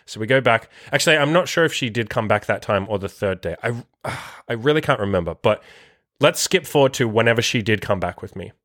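A young man tells a story to his viewers in a loose, profane way, full of "like" and other fillers. His voice sits at an ordinary middle pitch. The recording is dry and close. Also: fast, a bit bright, no echo. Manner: profane, filler-heavy, lots of "like". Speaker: vlogger. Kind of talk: casual storytelling to camera.

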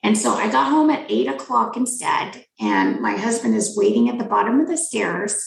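A woman with a strongly gravelly, fry-laden voice, speaking fairly high and swooping all over her range as she tells a frank personal story. She repeats words for emphasis. The sound carries a roomy echo. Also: normal speed. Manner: frank, animated, emphatic repetition. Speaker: physician guest.

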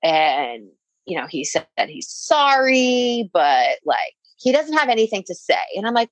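A woman's voice: mid-range voice, big pitch swings, unhurried, dry recording, low-quality recording. A young adult woman telling a personal story in casual conversation, full of "like" fillers and quoting what others said.

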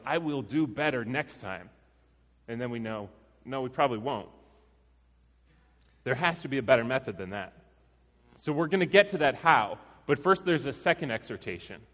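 A man preaching a sermon, telling a personal story in a relaxed, self-deprecating way before turning to scripture. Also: mid-range voice. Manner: conversational, self-deprecating, with laughs. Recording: long reverb of a large hall.

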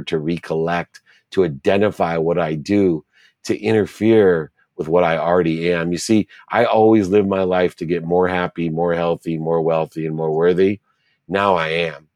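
A man's voice: low voice, darkish tone, no room sound, clean studio sound. A middle-aged man, an interview guest, telling his life story in an earnest, reflective way and stacking repeated phrases.

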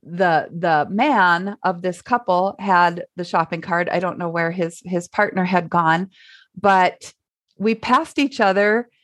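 A woman's voice: on the low side, takes it slowly, fairly bright tone. A middle-aged woman from Minnesota with a Minnesotan accent, hosting her solo podcast in a reflective, chatty way with fillers and small laughs. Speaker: podcast host. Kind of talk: casual solo podcast talk.

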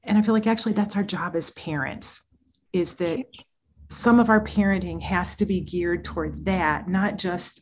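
Animated, earnest woman therapist, lowish voice. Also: normal speed, slight background noise. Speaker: child therapist and parent coach. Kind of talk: interview conversation.

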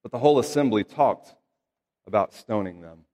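A man's voice: on the low side, animated, moderate pace, dark tone, in a large hall. A man reading scripture aloud and then preaching in an earnest, conversational way with emphatic asides. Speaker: pastor.

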